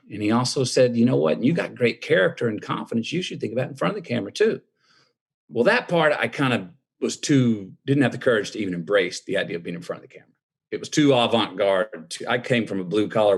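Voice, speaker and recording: A man in his fifties with a drawl, telling a relaxed personal story in an interview. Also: medium pitch. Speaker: guest.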